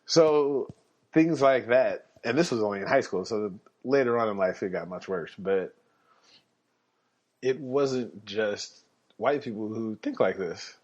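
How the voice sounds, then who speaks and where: A man hosting a podcast, telling personal stories in a casual, animated way and chuckling as he goes. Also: measured pace. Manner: animated, chuckling, jumps up in pitch when quoting people. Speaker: podcast host. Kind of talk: casual storytelling monologue. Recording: slightly muffled lo-fi podcast audio.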